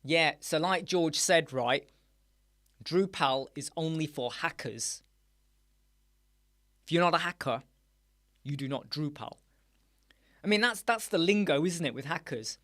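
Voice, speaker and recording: A man's voice: a little high, expressive, a little slow, long pauses, a bit bright. Male host, casual live-stream chat, jokey and playful, fond of wordplay. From United Kingdom. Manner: jokey, playful, riffs on words and laughs often. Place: small dark room with soundproof panels.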